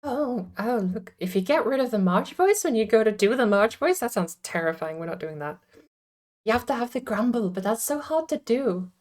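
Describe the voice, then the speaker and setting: A woman chats away during a streamed card game, playful and quick to laugh. Her voice sits a little on the high side, and she talks in a loose, easygoing way. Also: expressive, a little mellow. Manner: chatty, playful, laughs often. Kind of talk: casual chat while gaming.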